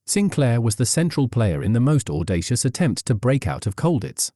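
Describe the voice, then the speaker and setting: A man giving scripted documentary narration in a measured, storytelling delivery. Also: mid-range voice, sing-song, mellow, no room sound, clean studio sound.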